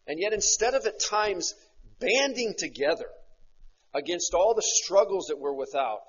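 A man preaching an expository sermon, slowing on key phrases and often tagging rhetorical questions onto his points. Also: high-pitched, lively intonation, husky. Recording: muffled lo-fi recording.

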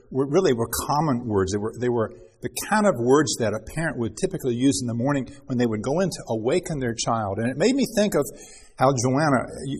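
A man preaching a sermon, reading scripture aloud in an earnest manner and clearing his throat often. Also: mid-range voice.

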